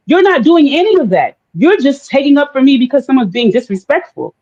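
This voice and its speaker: Woman arguing on a panel, lots of um's, pops up high for quotes, kinda dull muffled audio. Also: a little fast, few pauses. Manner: animated, acts out quoted voices, many fillers. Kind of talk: casual debate.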